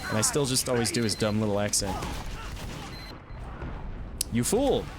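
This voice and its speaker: A man streaming a video game, chatting casually about his plays with self-amused asides and quick reactions. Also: on the low side, fairly even intonation, background noise. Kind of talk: casual gameplay commentary.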